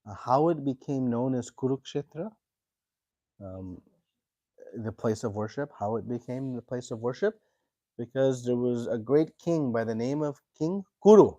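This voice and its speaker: A man teaching a scripture class. He tells a story in a relaxed way with many fillers and stops to quiz his students. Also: medium pitch, unhurried, dry recording, highs cut off.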